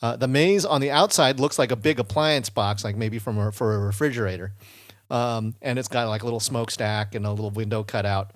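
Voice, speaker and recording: A man's voice: medium pitch, brisk, no echo. Rambling man, dry close mic. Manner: rambling, many fillers and restarts. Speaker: podcast host. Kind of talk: casual chat.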